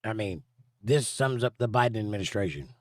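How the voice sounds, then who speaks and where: A man's voice: fairly low pitch, lively intonation, a little fast, no echo, clean studio sound. A man hosting a casual livestream, reading viewer comments aloud and joking around. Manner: reads viewer comments aloud in playful voices. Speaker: livestream host reading chat.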